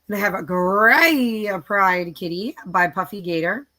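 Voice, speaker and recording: On her laid-back craft live stream, this middle-aged host talks through her list of projects, tired yet easygoing. Her voice sits at a medium pitch and sounds sharp.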